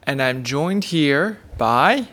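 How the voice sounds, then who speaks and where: A woman in her thirties hosts a casual family podcast, gently quizzing and praising her young son like a teacher. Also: deep voice, expressive, slow. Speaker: podcast host and homeschooling mother.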